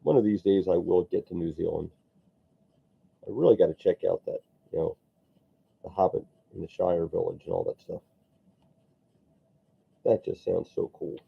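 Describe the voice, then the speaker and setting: A man with a very low, gravelly, husky voice rambles casually to his stream viewers as he works on a sculpture. The audio is thin and tinny, like a phone line. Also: moderate pace, pauses often. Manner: rambling, chatty, answers viewer comments. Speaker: sculptor streaming while working. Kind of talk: casual live-stream chat while sculpting.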